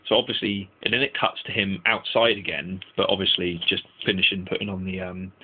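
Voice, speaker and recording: Recapping an anime episode in a loose, rambling style full of swearing, this reviewer voices the characters' lines himself. His voice is deep and slightly rough, delivered flat and a little fast, and the audio sounds tinny and lo-fi, like a phone.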